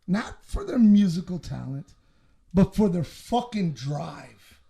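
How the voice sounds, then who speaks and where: Man, podcast co-host, gravelly, high pitch, mellow tone, profane, blunt. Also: takes it slowly. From Southwest Detroit. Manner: profane, blunt, animated storytelling. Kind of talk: casual podcast chat.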